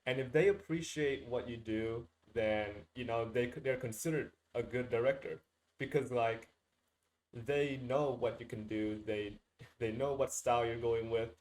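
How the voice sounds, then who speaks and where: A man's voice: medium pitch, fairly even intonation, unhurried, darkish tone, rough recording. Casual man co-hosting a podcast. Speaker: podcast co-host.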